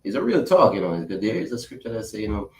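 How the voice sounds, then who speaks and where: A man's voice: lowish voice, big pitch swings, quick pace, reverberant, slight background noise. A man from Panama co-hosting a radio talk show, laid-back and slangy, talking with lots of fillers. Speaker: radio co-host. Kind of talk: casual radio chat.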